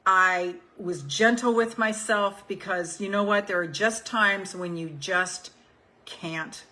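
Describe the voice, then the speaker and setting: On a rough recording, a woman in her 70s speaks slowly with fairly even intonation and a sharp tone. She's a life coach reading affirmation cards to a group call in a casual way, blunt, profane and prone to repeating herself for emphasis.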